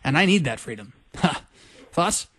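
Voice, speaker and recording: Guy teaching bible study, kinda high voice, really fired up and emphatic. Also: very animated, fairly bright tone. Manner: passionate, emphatic, with quick laughs. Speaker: pastor.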